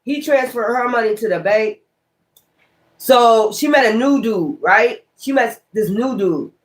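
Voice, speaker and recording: A woman's voice: on the high side, unhurried. A woman giving a casual tarot reading in a blunt, rambling, slangy way, swearing freely and repeating key words. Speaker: tarot reader.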